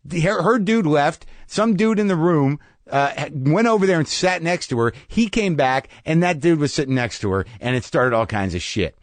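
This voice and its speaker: A middle-aged man spins a wry, profane story into a studio mic, his voice dry and close with no room around it. He talks casually as a podcast host, dropping into sudden high yelps to mock people. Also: expressive, normal speed, no room sound.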